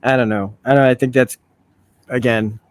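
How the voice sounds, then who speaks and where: A man's voice: medium pitch, steady tone, normal speed, dry recording. A man hosting a casual review, thinking aloud with many restarts and frequent swearing. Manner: rambling, profane, with self-correcting restarts. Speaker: video essay host.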